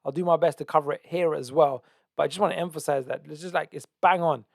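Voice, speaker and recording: A man's voice: on the high side, fairly even intonation, quick pace, gravelly, dry recording. A man with a slightly raised voice runs through market charts as host of his own channel. He talks eagerly and with emphasis, often doubling back and repeating phrases. The sound is dry, with no room around it. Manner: enthusiastic, emphatic, repeats himself and restarts often. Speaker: trading analyst and channel host. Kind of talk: casual market analysis over charts.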